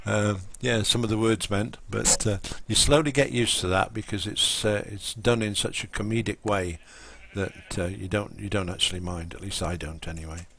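A man's voice: fairly low pitch, steady tone, moderate pace, gravelly, fairly bright tone, a little hiss or hum. Rambling man streaming a game. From England. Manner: rambling, full of ums and restarts. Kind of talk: casual live-stream chat while gaming.

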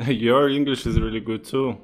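A man's voice: mid-range voice, fairly even intonation, normal speed, soft background music. A man chatting casually on a video call, teasing and laughing often. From Russia. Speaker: host.

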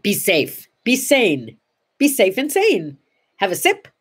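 A woman hosting a casual morning vlog, telling a story in an animated way and acting out the dialogue. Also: mid-range voice, slow, slightly rough. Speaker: host.

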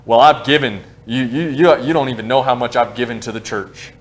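A man mimicking a smug, defensive longtime churchgoer who stammers out excuses in a lowered voice. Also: a little fast, lightly acted.

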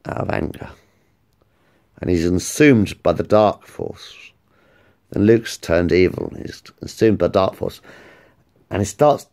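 A man with a gravelly voice tells a made-up story, rambling and excitable. His pitch swings widely as he gets caught up in it, and he swears freely. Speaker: vlogger. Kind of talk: casual storytelling.

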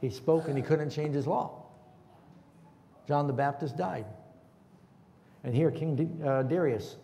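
A man's voice: on the high side, measured pace, dark tone, slight background noise. A man preaching a sermon in a church and asking the congregation questions. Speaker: pastor. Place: church hall. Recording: echoey church hall.

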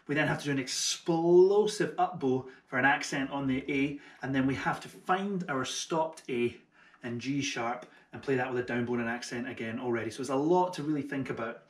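A man at a medium pitch gives a double bass tutorial from a room that rings with reverb. He talks in an encouraging way, breaks each skill into small steps, and jokes about himself now and then. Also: a little fast. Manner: friendly and encouraging, with light self-mocking jokes. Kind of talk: online music tutorial.

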